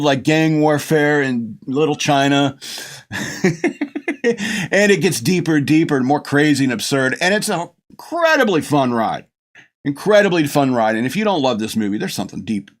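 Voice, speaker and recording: A middle-aged man hosting a podcast, rambling through a casual movie review with frequent laughs. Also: medium pitch. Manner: rambling and gushing, laughs often, acts out movie lines. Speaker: podcast host.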